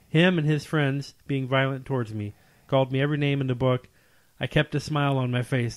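Man in middle pitch telling a story. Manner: storytelling, asks for feedback. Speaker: podcast co-host. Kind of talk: casual chat, reading a story aloud.

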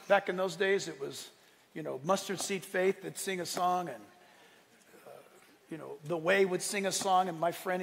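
A man preaching in a big church auditorium with a high, gravelly voice. He is animated, breaking into laughter and dropping to hushed asides between loud exclamations. His voice carries a long reverb through the hall. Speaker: pastor. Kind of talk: sermon.

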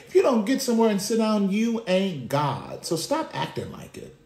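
Pastor guy preaching, kinda high voice, lots of slang, animated, echoey room. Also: moderate pace, few pauses. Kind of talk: sermon. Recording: roomy echo.

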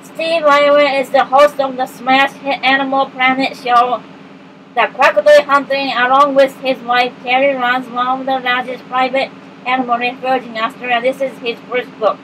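A woman with a high, light voice reads book jacket blurbs aloud. Her reading is halting, with stumbles, restarts and misread words along the way. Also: little pitch movement, fairly bright tone, a little hiss or hum, rough recording.

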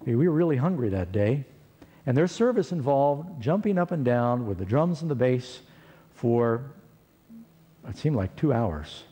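A man's voice: medium pitch, a little slow, breathy edge. A man telling a personal story in a sermon, acting out the quotes of the people in it. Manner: animated storyteller, acts out quotes. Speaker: preacher. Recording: long hall reverb.

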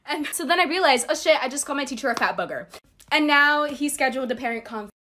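High bright woman telling a goofy story, casual and amused. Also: fast talker, a little hiss or hum. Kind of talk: storytime narration.

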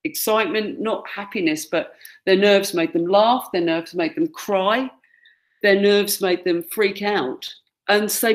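A woman's voice: mid-range voice, a little slow. A woman gives a classroom lecture, pointing out pictures and acting out quoted lines. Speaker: teacher.

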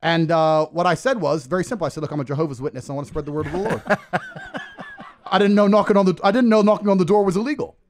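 A man from England telling a story on a podcast, boastful and animated, laughing often. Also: sits high, quick pace. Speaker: guest.

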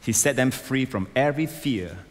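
A man preaching a sermon as a pastor, emphatic and rising to loud exclamations, on a stage microphone in a large church. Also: medium pitch, lively intonation, normal speed. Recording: long hall reverb.

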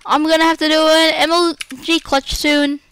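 High-voiced woman narrating her gameplay. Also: little pitch movement, normal speed, fairly bright tone, slight background noise. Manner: chatty, dramatic squeals and panicked repeats. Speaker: Minecraft let's-play creator. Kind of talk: gameplay commentary.

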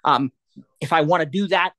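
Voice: medium pitch, normal speed, fairly bright tone. An instructor teaching a live class, chatty and digressive, thinking aloud with lots of ums and uhs. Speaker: assistive technology instructor.

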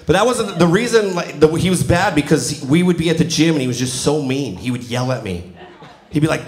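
Fairly high-pitched and expressive, a forties-aged man talks a little fast during his stand-up set. His conversational stories come with acted-out quotes, recorded in a roomy live space full of loud audience noise.

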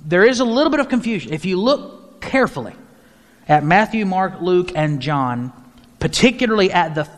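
A man with a high voice, a pastor, guides a mid-week Bible study in a conversational teaching style, often restarting phrases and asking the group for questions. It takes place in a church hall, and the recording has a long hall reverb.

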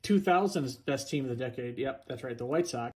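A man's voice: medium pitch, expressive, darkish tone. A man reading out player names during a card box break, with playful asides. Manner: slow, singsong name-calling with playful asides.

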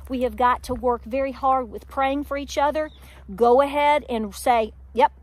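Emphatic Appalachian woman, high voice. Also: steady tone, moderate pace. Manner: preachy, emphatic, rhetorical questions to viewers. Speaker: homestead vlogger. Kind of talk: candid talk to camera.

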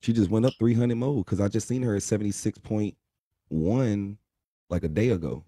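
A young livestream co-host lectures his viewers in a blunt, profanity-heavy, preachy pep talk during a casual stream. His voice is lowish and dark-toned at a normal speed, recorded with studio quality and no echo.

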